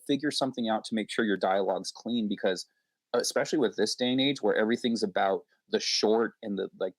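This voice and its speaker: A man's voice: lowish voice, dry recording. A man, a podcast host, chatting on a panel and acting out past exchanges in a rambling way. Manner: rambling, acts out quoted exchanges. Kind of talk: casual panel discussion.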